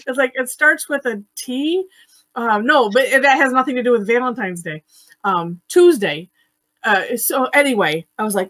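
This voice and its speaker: A woman's voice: fairly high pitch, normal speed, fairly bright tone, dry recording. A woman hosting an online drawing class over a video call, chatty and giggly, with lots of fillers and restarts. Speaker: online art class host. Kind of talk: casual live-stream teaching.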